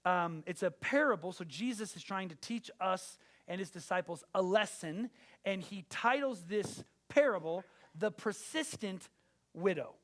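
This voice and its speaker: A male pastor delivers a sermon in a fairly high voice. He speaks emphatically, addressing his listeners directly and pressing his points home. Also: lively intonation, a little slow, a bit bright.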